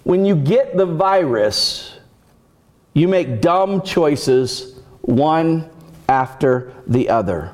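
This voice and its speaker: A man's voice: a little high, lively intonation, a little mellow. A male pastor delivering a sermon, telling stories and putting on voices for the characters in them. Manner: storytelling with acted voices and dramatic pauses.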